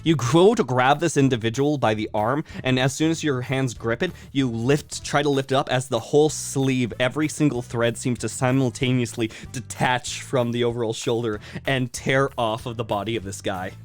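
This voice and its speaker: A man narrating as game master in a tabletop game, animated and laughing often. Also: medium pitch, moderate pace, few pauses, faint music behind.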